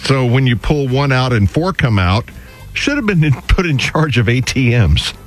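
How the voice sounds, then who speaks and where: A man co-hosting a radio show, delivering dad jokes in a playful, deadpan way. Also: mid-range voice, moderate pace, faint music behind. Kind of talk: casual studio banter, telling dad jokes.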